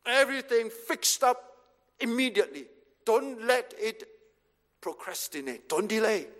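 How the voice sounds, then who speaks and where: Guy with a high voice preaching, punchy repeated commands, long church echo. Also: big pitch swings, unhurried, a bit bright. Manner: emphatic, repeats short commands. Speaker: pastor. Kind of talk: sermon. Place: church hall. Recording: reverberant hall.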